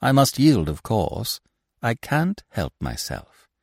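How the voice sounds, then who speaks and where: A man's voice: medium pitch, wildly swooping pitch, takes it slowly, slightly rough, no room sound, studio quality, pitched above the performer's own voice, exaggerated voice. A man voicing a young male lawyer in hiding who speaks in a cool, sarcastic, mocking way. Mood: dry.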